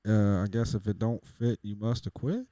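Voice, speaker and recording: A man co-hosting a podcast, reacting with quick interjections and questions in casual banter. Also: lowish voice, steady tone, warm tone, no room sound, clean studio sound. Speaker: podcast co-host.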